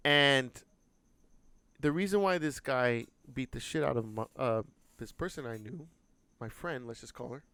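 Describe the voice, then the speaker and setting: A man co-hosting a podcast, telling a story in casual chat, animated and swearing freely. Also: medium pitch, unhurried, clean tone. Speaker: podcast co-host.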